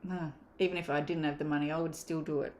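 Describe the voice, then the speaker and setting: A woman's voice: sits low, steady tone, fast talker, a little mellow. A woman, a mindset coach giving a candid, emphatic motivational course talk and swearing casually. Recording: roomy echo.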